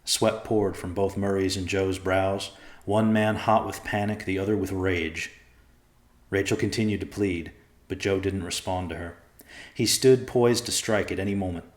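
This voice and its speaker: A man narrating a dark story in a steady, dramatic audiobook reading, recorded in an echoey room. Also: low-pitched, moderate pace.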